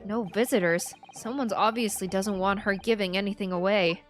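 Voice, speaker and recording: A woman's voice: mid-range voice, steady tone, moderate pace, faint music behind, lightly acted. Woman reading a polite young lawyer. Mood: earnest.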